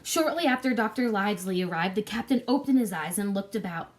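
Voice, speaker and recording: A woman narrating a classic adventure story in a clear, measured reading voice. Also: medium pitch, expressive.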